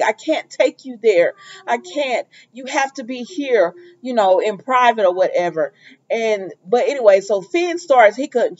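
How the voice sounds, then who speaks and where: A woman's voice: fairly high pitch, darkish tone. A woman casually recapping a soap opera for viewers, chatty and laughing often, acting out the characters' lines. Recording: dull lo-fi audio.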